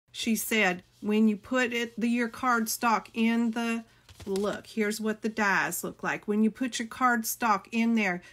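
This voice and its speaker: Slow, chatty woman. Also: medium pitch, bright, forceful tone. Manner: chatty, gushing, talks to viewers by name. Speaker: crafting video host. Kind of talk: casual chat showing a craft haul.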